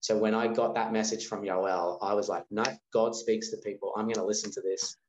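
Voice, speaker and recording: An Australian man in his thirties, his voice lowish and brisk, tells a personal story as a guest in a casual interview. He animatedly acts out the voices of the people involved. There's background noise, and the recording sounds roomy and slightly dull.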